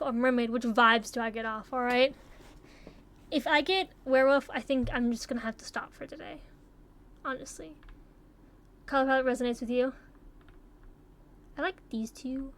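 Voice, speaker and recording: A young woman chatting casually as she takes online quizzes, swearing freely and thinking out loud. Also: high voice. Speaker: YouTuber taking online quizzes. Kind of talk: casual commentary while playing.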